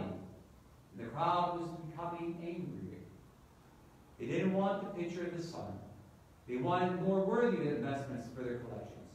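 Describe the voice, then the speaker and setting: A man, a priest, telling a story in a sermon with slow, measured delivery, recorded in a church from far off. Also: a little high, lively intonation, a little mellow, heavy reverb, slight background noise.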